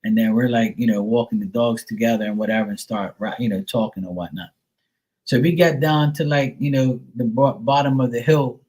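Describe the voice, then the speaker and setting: A man's voice: mid-range voice, a little fast, darkish tone, rough recording. Middle-aged male streamer, casual profane storyteller, heavy on fillers. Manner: mimics others in a raised voice. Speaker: live stream host.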